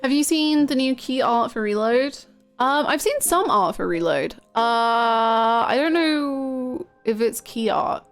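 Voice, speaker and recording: A woman's voice: on the high side, lively intonation, slow pace, faint music behind. A woman live-streaming, chatting casually with her viewers, gushing and swearing freely. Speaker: game streamer.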